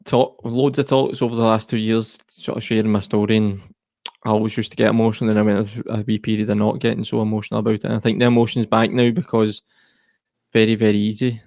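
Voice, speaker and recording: A man's voice: fairly low pitch, level tone, fast talker, vocal fry, darkish tone, no room sound. A Scottish man speaking as an interview guest, earnest and reflective. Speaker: guest, mental health charity co-founder. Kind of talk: personal interview talk.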